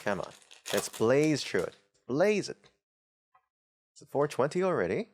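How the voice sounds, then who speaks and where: A man's voice: mid-range voice, big pitch swings, brisk, pauses often. A man hosting a casual card-opening video, reading card text aloud with wry, chatty asides. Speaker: host of a tabletop channel. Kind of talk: casual unboxing commentary.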